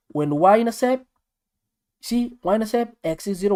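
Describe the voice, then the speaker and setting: Teaching maths in a live online session, a South African man keeps things animated, repeats each step, and speaks straight to the people watching. His pitch leans high and his pace is a little quick, captured in a dry, studio-quality recording.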